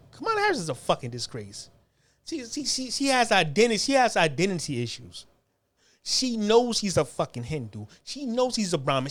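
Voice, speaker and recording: A man's voice: high-pitched, a bit bright. A man from the United States ranting in a casual, profane, rambling way, often stumbling and restarting his sentences. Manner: rambling, repetitive, heated, frequent stammered restarts. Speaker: commentary channel host.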